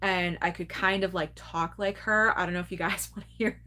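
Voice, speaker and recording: A woman's voice: lowish voice, fairly even intonation, fairly quick, sharp tone. A woman of around forty hosting a casual movie club livestream, chatting candidly with viewers, reading out their comments and laughing often.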